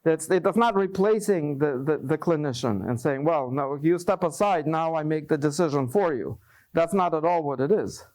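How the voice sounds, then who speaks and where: A man's voice: fairly high pitch, normal speed, darkish tone. A man presenting at a scientific workshop, answering questions thoughtfully with frequent restarts and repeated words.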